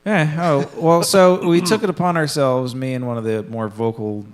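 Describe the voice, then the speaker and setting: A man's voice: mid-range voice, steady tone, moderate pace. A young man in his twenties co-hosting a podcast, rambling through gaming stories with casual swearing and acted-out quotes. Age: 20s. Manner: rambling storyteller, swears freely, acts out quoted people. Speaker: podcast co-host. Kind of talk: casual chat.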